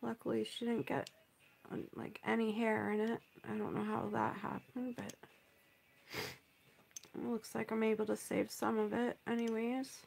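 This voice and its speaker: A woman's voice: fairly high pitch, little pitch movement, normal speed, vocal fry, a little mellow, a little hiss or hum. A woman chatting casually on a livestream while she paints, sighing and pouting over a setback.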